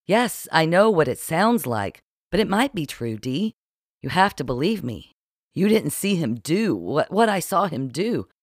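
A defensive, tipsy middle-aged woman in love pleads with a friend, her lines halting and unsure, as a man reads her in an audiobook. Her voice sits a little above his own, in a dry, close recording with no room sound. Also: on the high side, sing-song, no echo, voice pushed up, heavily acted. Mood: pleading. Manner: hesitant, defensive. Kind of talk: audiobook character voice.

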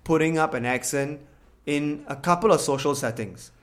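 A man's voice: fairly high pitch, moderate pace. A man from Singapore with a Singaporean English accent, co-hosting a casual podcast chat and telling stories candidly. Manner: animated, storytelling, candid.

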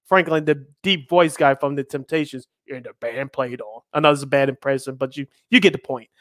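A man's voice: a little high, brisk, fairly bright tone, no room sound, studio quality. A man in his thirties hosting a live sports radio show, chatty and jokey, reading out lists with emphasis. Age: 30s. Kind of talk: casual radio sports talk.

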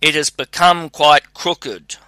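A clever, patient young scholar and son, calm and reassuring, as a man reads him aloud in a storybook. The voice sounds bright and slow, and the sound is dry. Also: fairly high pitch, dry recording.

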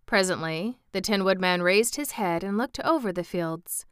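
A woman narrating a classic storybook in an even, measured reading. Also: medium pitch, smooth, dry recording, studio quality.

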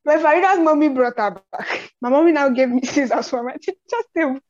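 A young woman with a Nigerian accent hosting a podcast, telling personal stories in an animated way and acting out the people in them. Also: high-pitched, brisk, no echo. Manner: animated storyteller who acts out quotes. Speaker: podcast host. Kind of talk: casual chat, personal storytelling. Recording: slightly dull, dry audio.

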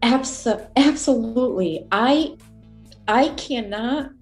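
A woman guest telling a personal family story in an interview, heartfelt and halting, with many fillers and restarts. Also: a little high, soft background music.

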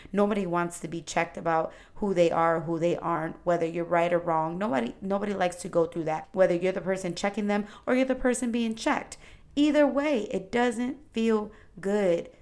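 A woman's voice: lowish voice, a little mellow. A woman hosting her own podcast, giving an earnest and encouraging motivational talk straight to her listeners. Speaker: podcast host. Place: at home indoors.

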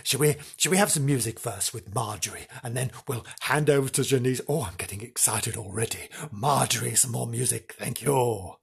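A man's voice: mid-range voice, moderate pace, vocal fry, hardly any pauses, breathy edge. A man hosting a comic radio-style show in a camp, rambling, mock-dramatic way. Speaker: host.

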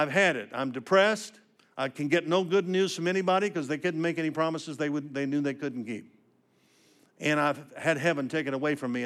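In a slightly high voice, an older preacher shares his own story in a sermon full of raw feeling. He swings dramatically between a hush for the weighty parts and emphatic declarations for his points.

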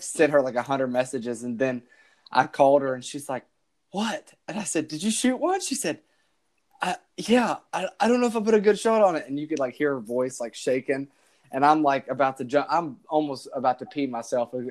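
A man's voice: mid-range voice, darkish tone. A young man hosting a podcast, rambling through a story with lots of restarts and quoted back-and-forth. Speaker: podcast host. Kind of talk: casual storytelling chat.

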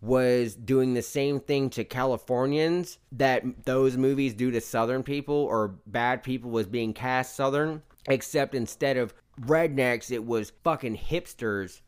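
A man's voice: mid-range voice, measured pace, few pauses, clean tone. A man co-hosting a casual movie review podcast, talking in a loose, profane, enthusiastic way. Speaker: podcast co-host.

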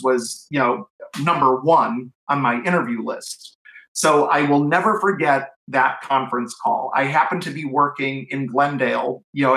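A man's voice: mid-range voice, bright, forceful tone, reverberant, rough recording. A middle-aged man from Cleveland, telling enthusiastic stories as an author in an interview, with lots of restarts and fillers. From Cleveland, USA. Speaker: author and guest. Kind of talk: anecdotal interview storytelling.

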